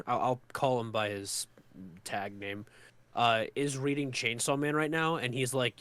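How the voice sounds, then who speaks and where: A man's voice: medium pitch, fairly even intonation, measured pace, fairly bright tone, smooth, no echo. A young man co-hosting a casual podcast, rambling and stammering with playful teasing. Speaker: podcast co-host. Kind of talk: casual chat.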